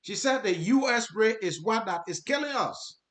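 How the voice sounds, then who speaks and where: A man's voice: high voice, lively intonation, moderate pace, a bit bright. A man with a Liberian accent giving commentary to his viewers, earnest, repeating his points for emphasis. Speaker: host. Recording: roomy, echoey sound.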